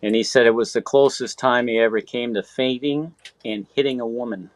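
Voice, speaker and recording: A man's voice: medium pitch, fairly quick, no room sound. A man in his sixties telling stories in casual chat, swearing freely and acting out what people said. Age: 60s. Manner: profane, animated storyteller acting out quotes.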